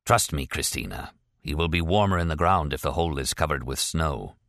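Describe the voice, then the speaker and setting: A man's voice: rumbling low, fairly quick, a bit bright, no room sound, clean studio sound, voice pushed down. A man voicing a callous oligarch who speaks in a cold, dismissive tone. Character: callous, powerful male oligarch.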